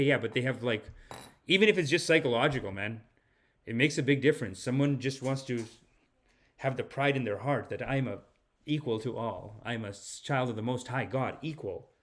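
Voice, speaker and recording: A man hosting a comedic podcast monologue, rambling and animated, sometimes slipping into a mock spiritual-guru pitch. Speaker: podcast host.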